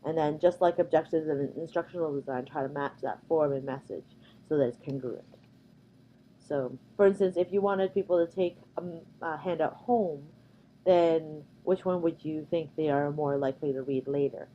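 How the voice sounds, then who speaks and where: A woman's voice: low voice, moderate pace, highs cut off, slight background noise. A woman from Canada giving a conversational recorded slide lecture, with frequent ums and uhs. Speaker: workshop presenter.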